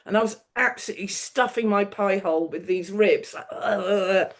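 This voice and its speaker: A woman's voice: medium pitch, a little fast. A middle-aged woman, a television producer on as a guest, telling anecdotes in a casual chat, laughing often and acting out the people she quotes.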